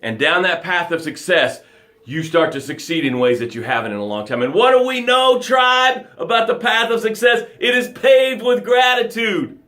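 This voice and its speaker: A man's voice: high voice, expressive, moderate pace, sharp tone. A man hosting a live motivational broadcast, speaking with energy and emphasis and acting out voices as he goes.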